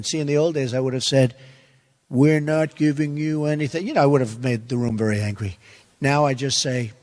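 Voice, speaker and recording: Older man with an emphatic rambling delivery. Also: on the high side. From United States. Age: 70s. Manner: emphatic, repetitive, addresses crowd as folks. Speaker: presidential candidate answering audience question. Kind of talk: rambling campaign town hall answer. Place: large indoor event hall. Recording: long reverb of a large hall.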